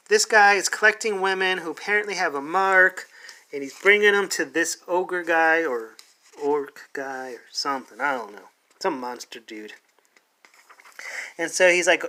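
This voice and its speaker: A male reviewer talks through a comic in a loose, sarcastic way and sounds openly exasperated. His voice is bright and forward. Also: on the high side, animated, normal speed. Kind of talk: casual review, reading aloud.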